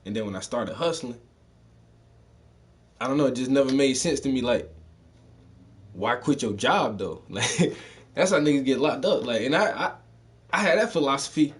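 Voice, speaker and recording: His mid-range voice is animated, moving at normal speed with long pauses. He's a podcast host from the Southern United States with a mixed Southern-Northern US accent, casually spinning stories in profane street slang and frequently breaking into laughter.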